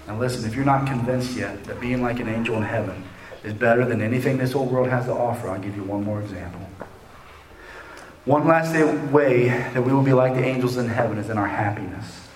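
A man's voice: medium pitch, fairly quick, a little hiss or hum. A man preaching a sermon, asking his listeners direct questions and lifting his voice when he reads scripture. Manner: preaching with rising emphasis on scripture quotes; asks the congregation direct questions. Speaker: pastor. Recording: roomy echo.

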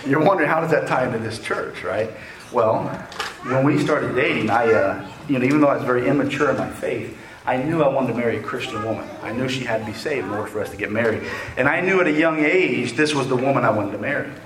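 A man in his forties giving a sermon as a guest preacher, telling a personal story in a folksy, joking way and often asking "okay?". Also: mid-range voice. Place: church sanctuary. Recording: echoey church room.

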